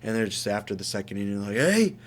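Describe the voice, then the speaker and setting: Young male podcast co-host, low voice, rowdy storyteller. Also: rapid-fire. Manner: animated, swearing, laughing while telling stories. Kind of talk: casual storytelling chat.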